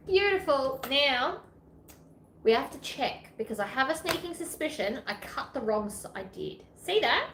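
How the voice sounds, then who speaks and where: An Australian woman talks through a sewing project in a loose, rambling way, poking fun at herself as she goes. Her voice sits fairly high. The room is echoey, with a faint hum of ambient noise behind her. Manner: chatty, self-deprecating, rambling asides. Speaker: sewing vlogger. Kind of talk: casual sewing tutorial chat.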